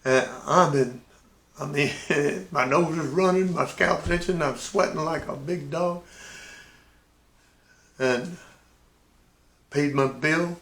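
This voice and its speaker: An older man and navy veteran telling a sea story in a folksy, animated way. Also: a little high, takes it slowly, gravelly, long pauses, echoey room. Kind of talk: casual spoken anecdote.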